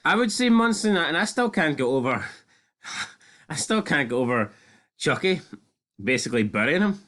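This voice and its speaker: This is a man co-hosting a casual podcast. He talks in a loose, joking way, swearing freely as he breaks down a TV episode. His voice sits at an ordinary middle pitch. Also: sing-song, normal speed, fairly bright tone. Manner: chatty, jokey, swears freely. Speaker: podcast co-host. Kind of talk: casual TV recap chat.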